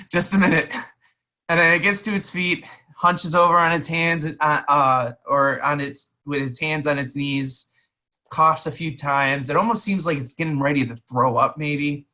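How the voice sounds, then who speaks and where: Bright-voiced man narrating a game. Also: on the high side, normal speed. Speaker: game master.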